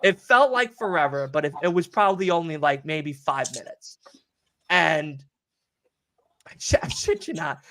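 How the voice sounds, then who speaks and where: A podcast host, a man, telling a story in casual chat, animated and profane, acting out the people he quotes. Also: fairly high pitch, normal speed. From Long Island, New York. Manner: animated, profane, acts out quotes in put-on voices.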